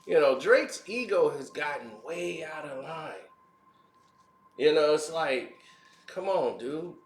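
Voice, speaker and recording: A man's voice: on the high side, animated, slow. Laughing mocking man in echoey room. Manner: laughs often, mocking asides. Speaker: commentary channel host. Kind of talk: casual opinion commentary.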